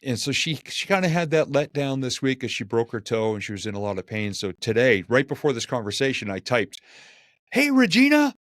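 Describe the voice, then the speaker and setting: A man, a keynote speaker, telling lively stories in a podcast conversation and acting out the quotes. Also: mid-range voice, fairly quick, hardly any pauses, no echo, studio quality. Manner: animated, acts out quotes and jokes.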